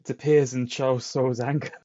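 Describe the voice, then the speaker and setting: A man's voice: medium pitch, no room sound, muffled recording. A man co-hosting a podcast in casual, jokey chat. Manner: jokey, playful banter. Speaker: podcast co-host.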